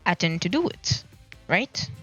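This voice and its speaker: A woman's voice: lowish voice, big pitch swings, a little slow, fairly bright tone, slightly rough, faint music behind. A woman livestreaming casually, rambling and searching for words as she explains herself. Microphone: desk mic at a laptop. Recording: dull lo-fi stream audio.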